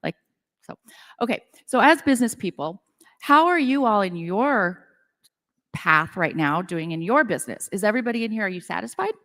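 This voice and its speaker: A woman's voice: mid-range voice, lively intonation, normal speed, fairly bright tone. A middle-aged woman telling casual, self-deprecating stories to a live audience at a business event, chatty and full of "like". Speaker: speaker at a women's business event. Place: conference room with audience. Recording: long reverb of a hall.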